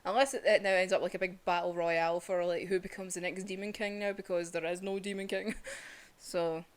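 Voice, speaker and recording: A young woman gushing excitedly through a casual manga chapter review, full of fillers. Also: fairly low pitch, brisk.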